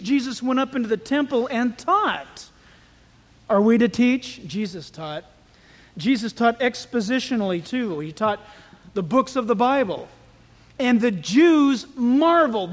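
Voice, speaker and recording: A man preaching a sermon as pastor, telling stories in an animated way. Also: extremely high pitch. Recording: echoey hall with long reverb.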